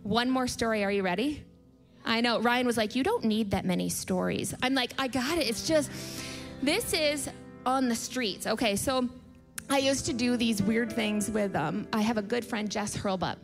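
A woman in her thirties gives a casual, story-driven sermon in a church auditorium, her fairly high voice trailing into a long hall reverb. She talks in a chatty way, with plenty of fillers and little laughs, and acts out the lines of the people in her stories. Faint music plays softly behind her. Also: moderate pace. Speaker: church speaker.

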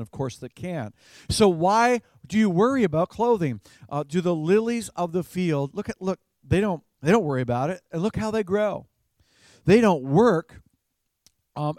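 A male pastor delivering a sermon in a relaxed, conversational manner, with a voice pitched a little higher than most men. He laughs lightly at his own stories and repeats words as he finds his way. The sound is dry and close, with no room echo.

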